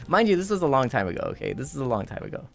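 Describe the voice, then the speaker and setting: A man streamer telling a story in casual chat and acting out the quotes with animated delivery. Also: medium pitch, racing, vocal fry.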